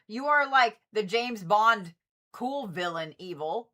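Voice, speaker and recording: Bright-voiced woman reading cards live. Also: mid-range voice, lively intonation, slow. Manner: chatty, swears freely, talks straight to viewers. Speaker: Reiki practitioner and tarot reader. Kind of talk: casual livestream card reading.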